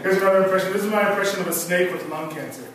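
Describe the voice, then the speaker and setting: High-voiced stand-up comic in an echoey club. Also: male voice, racing. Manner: deadpan one-liners with self-mocking asides. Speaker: stand-up comedian. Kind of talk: stand-up comedy set. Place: comedy club stage. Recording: echoey club room from far off, noisy.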